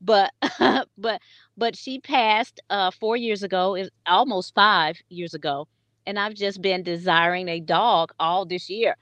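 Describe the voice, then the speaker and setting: A woman's voice: mid-range voice, a little slow, dry recording. A middle-aged woman, co-hosting a casual podcast chat and telling stories with lots of laughter and acted-out quotes. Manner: animated storyteller, laughs often, acts out quotes. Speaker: co-host.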